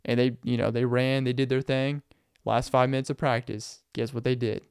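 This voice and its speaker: Smooth-voiced young man telling stories. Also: mid-range voice, normal speed, dry recording, clean studio sound. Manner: rambling, animated, laughs often. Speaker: podcast host. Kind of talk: casual storytelling monologue.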